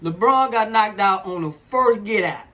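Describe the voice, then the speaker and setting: A man's voice: high-pitched, normal speed, bright, forceful tone. An older man co-hosting a casual podcast, blunt and rambling, laughing often. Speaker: podcast co-host, father. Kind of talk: casual sports chat.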